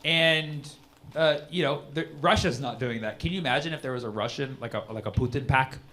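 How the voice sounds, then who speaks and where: A man's voice: mid-range voice, brisk, very noisy. A male stand-up comedian on a club stage, talking in a rambling, conversational way full of "like" and "man". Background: audience laughter.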